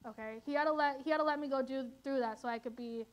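Young woman, recovery testimony, halting delivery with fillers, slightly high voice. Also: highs cut off, noisy background. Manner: halting, many fillers, quotes others in dialogue. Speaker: testimony speaker. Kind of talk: personal testimony.

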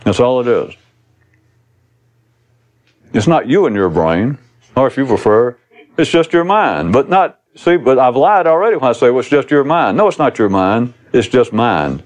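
A man's voice: medium pitch, big pitch swings, normal speed, pauses often. A man giving a recorded spiritual talk to an audience, rambling and blunt, swearing casually as he teaches.

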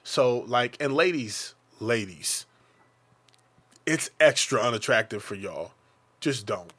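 A man's voice: medium pitch, expressive, slow pace, a bit bright, husky. Blunt, profane man, casual podcast banter. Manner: profane, blunt, acts out other people's lines in put-on voices. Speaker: podcast co-host.

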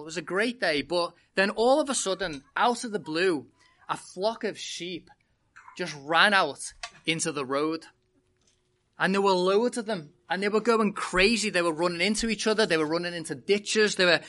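A preacher with a British accent, opening a sermon with a humorous, animated personal story before teaching the congregation. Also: mid-range voice. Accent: British English. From Britain.

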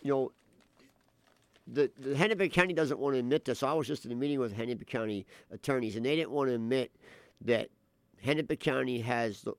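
A man's voice: mid-range voice, dry recording. A man hosting a podcast where he plays police scanner calls, talking casually, often stumbling and repeating words. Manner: halting, repeats words, mocks cops in quoted voices. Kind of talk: casual chat.

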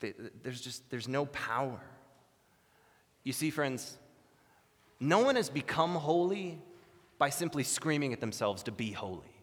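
A man's voice: medium pitch, very animated, a little slow, long pauses, breathy edge. A man preaching a sermon in an earnest manner, building to emphatic bursts. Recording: long hall reverb.

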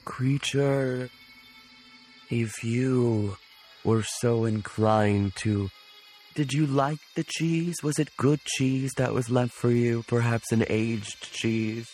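A man voicing a young wizard character in a tabletop game, speaking slowly and formally. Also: medium pitch, steady tone, darkish tone, faint music behind, pitched above the performer's own voice, close to an everyday voice. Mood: coaxing. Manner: slow, formal, commanding. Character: solemn young male wizard speaking to animals.

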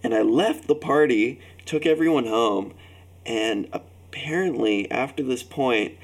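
A man's voice: mid-range voice, unhurried. A man telling rambling, profane anecdotes in casual group banter, acting out what people said. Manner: rambling anecdotes, swears freely, acts out quotes. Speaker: storyteller in group chat.

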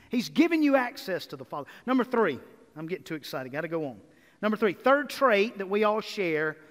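A man preaching a sermon as pastor, energetic and building to emphatic repeated lists. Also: sits high. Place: church sanctuary. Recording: reverberant hall.

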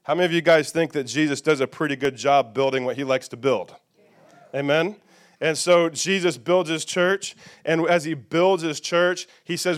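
A man's voice: fairly high pitch, normal speed. A middle-aged male pastor preaching a sermon in a conversational way, often checking in with his listeners with "okay?" and "amen?".

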